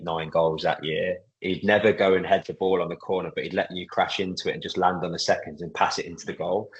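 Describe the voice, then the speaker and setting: A man in his thirties, a footballer and club captain, chatting casually in a podcast interview, relaxed, with lots of fillers. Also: deep voice, slightly rough, rough recording. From England.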